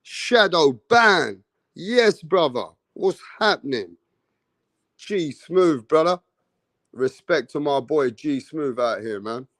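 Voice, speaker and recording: A man's voice: on the high side, no room sound. A young man hosting a live boxing stream, calling out viewers by name in casual street slang. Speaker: boxing livestream host.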